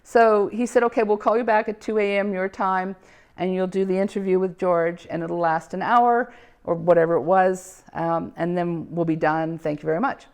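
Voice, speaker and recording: A woman's voice: fairly low pitch, steady tone, moderate pace, darkish tone. A woman casually telling her own story, animatedly acting out the quoted dialogue and laughing often.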